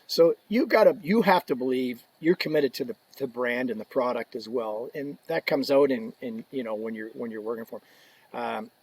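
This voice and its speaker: A man's voice: mid-range voice, animated, normal speed, husky, low-quality recording. An older man, a podcast guest, telling joking stories in a casual, anecdotal way. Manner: joking, anecdotal, drops in hushed asides. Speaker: podcast guest, equipment representative. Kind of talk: casual storytelling.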